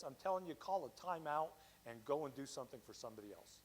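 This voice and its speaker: A man giving a Sunday talk at a spiritual center, lively and conversational, often checking in with "okay?". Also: mid-range voice, fast, rough recording. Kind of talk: sermon.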